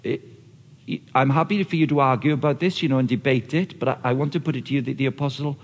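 Male preacher, lively conversational delivery, middle pitch, echoing hall sound. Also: fast talker. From Australia or Britain, not the audience's country. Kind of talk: sermon. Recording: long reverb of a large hall.

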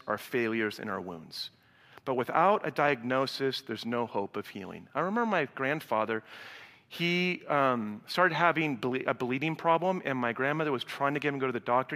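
Bright-voiced man preaching in a hall. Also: medium pitch. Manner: animated, acts out dialogue, swings from loud to hushed. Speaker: pastor. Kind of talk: sermon. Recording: reverberant hall sound.

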